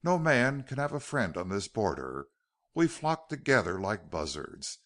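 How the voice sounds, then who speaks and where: A male narrator voicing a bitter, mocking outlaw leader who talks low and hard in an audiobook. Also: very animated, a little slow, fairly bright tone.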